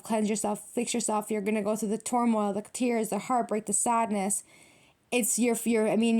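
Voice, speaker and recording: A woman's voice: medium pitch, a little mellow. A young adult woman giving a casual tarot reading, blunt and profane, full of street slang and emphatic repetition. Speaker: tarot reader.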